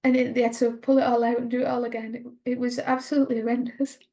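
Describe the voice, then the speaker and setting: A middle-aged woman, a mother, giving an earnest, halting personal account in an interview. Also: on the high side, little pitch movement, warm tone. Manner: earnest, halting, with many restarts. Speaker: mother of a patient, interview guest.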